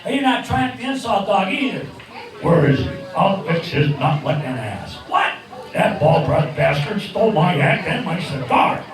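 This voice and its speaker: A man's voice: fairly high pitch, very animated, moderate pace, over music, pitched below the performer's own voice. A man voicing a crude, randy male bird puppet in a ventriloquist act, bawdy and wisecracking. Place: bar stage. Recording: echoey bar, distant mic, crowd.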